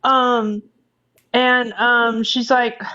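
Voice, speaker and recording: A woman hosting a livestream, retelling a run-in in a casual, animated way with fillers and swearing. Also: on the high side, drawn-out words, lo-fi sound. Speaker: livestream host. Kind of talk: casual storytelling chat.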